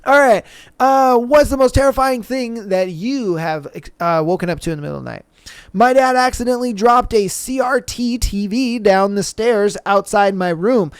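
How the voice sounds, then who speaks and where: A man's voice: high-pitched, moderate pace, clean tone, dry recording. A man hosting a podcast in a casual, laid-back manner with lots of slang. He reads listener stories aloud and reacts to them. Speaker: podcast host.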